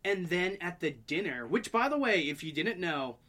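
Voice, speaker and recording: A woman talks through a movie with friends in loose, animated chat. Her voice sits bright and forward, swinging widely in pitch as she acts out lines from scenes. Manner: animated, acts out characters in quick impressions, laughs often. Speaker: podcast co-host. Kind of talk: casual movie recap chat.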